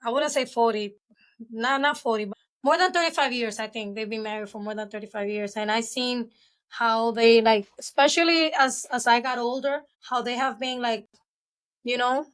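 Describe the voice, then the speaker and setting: A woman's voice: a little high, steady tone, normal speed, a bit bright. A woman speaking as a podcast guest, talking candidly and reflectively with lots of "you know" fillers. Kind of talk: casual interview chat.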